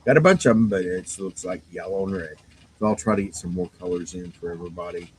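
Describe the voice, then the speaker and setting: A man's voice: low-pitched, quick pace, slight background noise, poor audio. A man who runs a game store, giving a rambling, casual shop update full of fillers and restarts and sounding a bit tired. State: yawning, tired.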